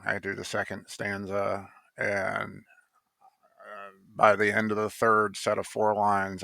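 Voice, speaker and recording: A man's voice: fairly low pitch, gravelly, bright, forceful tone, dry recording. A man telling how he came to write a poem, in a rambling casual monologue full of fillers and restarts, blunt and now and then swearing.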